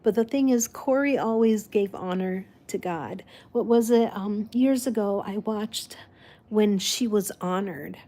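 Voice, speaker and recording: A woman whose first language is Spanish, chatting casually and rambling warmly with frequent restarts and laughs. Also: medium pitch, measured pace. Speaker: vlog host. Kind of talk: casual chat.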